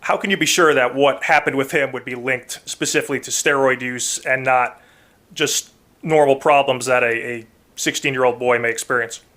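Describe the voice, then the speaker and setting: A man hosting an interview, asking measured, direct questions. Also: medium pitch, steady tone, bright, forceful tone. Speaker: interview host.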